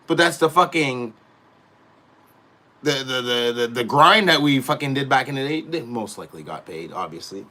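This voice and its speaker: A middle-aged man hosting a live show, ranting casually and swearing constantly, dropping to mutters and rising to loud outbursts. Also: mid-range voice, animated, normal speed. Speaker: podcast host, wrestler. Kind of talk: profane casual rant.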